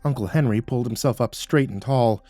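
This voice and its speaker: A male horror storyteller in the first person, with an ordinary mid-range voice. He reads in a measured, hushed way, often dropping softer on the tense moments. A faint music bed sits behind him. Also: mid-range voice, dry recording.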